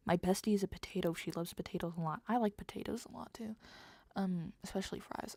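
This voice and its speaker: Gravelly-voiced young woman streamer, rambling. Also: medium pitch, fairly quick, dark tone, dry recording. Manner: rambling, half-whispered musing. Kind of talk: casual livestream chat while writing.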